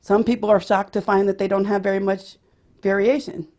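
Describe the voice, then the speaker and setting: A woman's voice: mid-range voice, flat delivery, fairly quick, warm tone. A woman teaching a vocal pedagogy workshop, explaining how she picks registration and demonstrating different voices.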